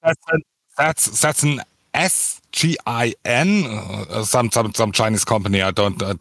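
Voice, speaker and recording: A man in a casual podcast chat, talking in a halting, hesitant way with many restarts. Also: fairly low pitch, vocal fry, fairly bright tone, dry recording.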